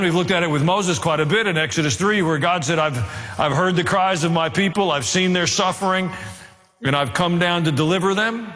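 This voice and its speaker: A man's voice: high-pitched, pushed and bright. A male pastor preaching a sermon, earnest, with dry asides and a rise to emphatic, fervent delivery. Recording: reverberant hall.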